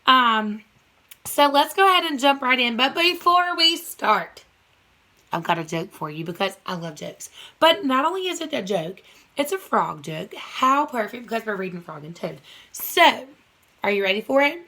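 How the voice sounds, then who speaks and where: A woman's voice: a little high, big pitch swings, normal speed, sharp tone. A young woman teaching first grade by video, upbeat and playful, asking the children questions as she reviews a storybook. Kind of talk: video reading lesson for children.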